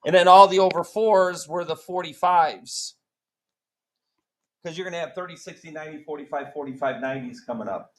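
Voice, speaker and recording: A man's voice: a little high, fairly quick, slight background noise, poor audio. A man teaching a math class, joking around and quizzing students with countdowns. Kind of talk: classroom lesson.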